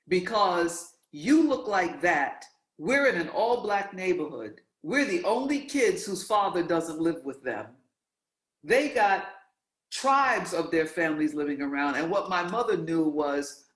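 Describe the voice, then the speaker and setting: A man with a fairly high voice tells a long story in a relaxed, conversational way. He acts out the voices of the people he quotes. The room has a roomy echo around him. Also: measured pace. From New York.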